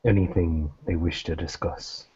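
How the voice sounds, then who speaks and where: A man voicing a slow, solemn male tribal elder in a deep, husky drawl. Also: steady tone, mellow. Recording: dull lo-fi recording.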